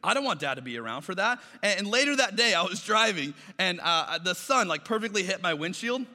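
Pastor guy preaching, chatty storyteller, kinda high bright voice, big echoey church sound. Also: big pitch swings, a little fast. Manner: storytelling, conversational, acting out quoted voices. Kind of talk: sermon.

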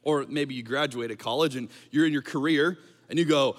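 A man preaching a conversational sermon as pastor, animated and joking, sometimes acting out quotes in a raised voice. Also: medium pitch, moderate pace, big-room sound.

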